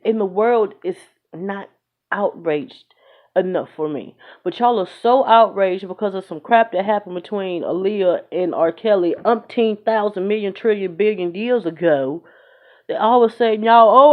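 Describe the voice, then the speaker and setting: Fed-up woman ranting into her phone. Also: medium pitch. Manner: emphatic, blunt, fed-up, conversational. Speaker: vlogger. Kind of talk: opinionated phone vlog rant. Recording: dull lo-fi phone audio.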